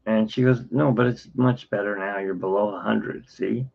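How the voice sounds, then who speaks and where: A man's voice: fairly low pitch, steady tone, normal speed, vocal fry. Tired man rambling through a story. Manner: rambling, self-interrupting, acts out quoted dialogue. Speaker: channel host. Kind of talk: casual storytelling vlog. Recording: dull lo-fi sound.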